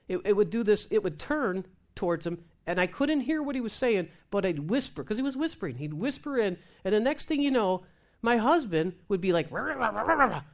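A woman minister telling a lively testimony in conversation, acting out the voices of the people in her story and laughing as she goes. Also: mid-range voice, brisk. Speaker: Christian minister. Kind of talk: testimony talk show conversation.

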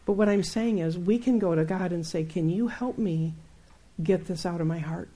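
A middle-aged woman teaching about faith in a chatty, animated way, laughing often and acting out her own outbursts. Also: fairly low pitch, normal speed. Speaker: Christian teacher. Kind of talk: conversational Bible teaching.

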